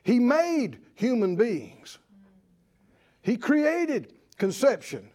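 Male pastor preaching, high voice, super animated, keeps asking the crowd questions and laughing. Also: extremely slow. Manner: animated, call-and-response with the congregation; acts out quoted voices and laughs often. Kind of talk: sermon.

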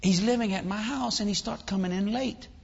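A man preaching a sermon, telling a family story in an animated, comic way. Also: sits high, brisk, vocal fry, long reverb tail, lo-fi sound, very noisy.

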